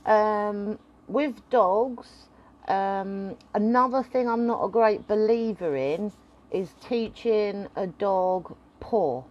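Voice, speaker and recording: A woman's voice: mid-range voice, slow, muffled recording. A woman giving casual, rambling advice about dogs as an owner, talking straight to camera. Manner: chatty, rambling, acts out voices.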